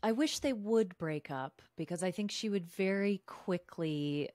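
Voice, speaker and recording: A woman co-hosting a podcast in casual recap chat, animated and chatty. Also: mid-range voice, unhurried, dry recording, studio quality. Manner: animated, chatty, quotes people in put-on voices. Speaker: podcast co-host.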